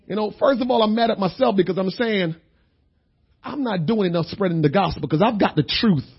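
A man preaching a sermon who tells a story, going from quiet talk to shouting. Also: sits high, brisk, slightly rough, highs cut off.

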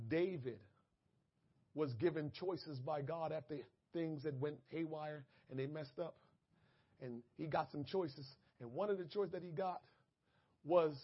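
Male pastor, fervent sermon delivery, high tenor voice, muffled lo-fi recording. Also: slightly rough. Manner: fervent preaching that swings from quiet asides to shouted, tearful prayers. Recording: dull lo-fi church audio.

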